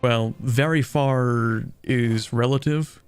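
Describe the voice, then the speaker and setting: A young man with a southern Ontario accent talks his way through a strategy game on stream, easygoing and self-mocking as he answers chat. His pitch sits mid-range, and faint music plays underneath. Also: steady tone, slow. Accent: Canadian (southern Ontario). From southern Ontario, Canada. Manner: chatty, self-deprecating, thinks aloud. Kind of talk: casual gameplay commentary, reading chat.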